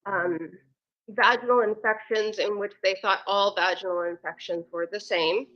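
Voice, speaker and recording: A woman guesting on a podcast as a sex educator, chatting casually in a wry, unhurried way with light laughs. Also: medium pitch, steady tone, a bit bright, muffled recording. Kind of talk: casual chat.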